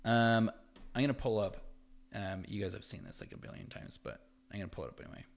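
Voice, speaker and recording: A man hosting a live stream, talking casually in an animated, rambling way, his voice jumping up whenever he quotes someone. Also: lowish voice, fast, gravelly. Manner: animated and rambling, voice jumps up when quoting others. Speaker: host of a live effects-art stream. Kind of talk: casual livestream talk.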